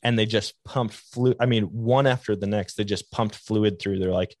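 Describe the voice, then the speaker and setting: A man with a low voice hosts a podcast, telling his stories in a casual, meandering way. He leans on "like" as a filler. The sound is dry and close. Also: steady tone, normal speed, a little mellow, no room sound. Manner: rambling anecdotes with many "like" fillers. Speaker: podcast host. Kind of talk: casual storytelling chat.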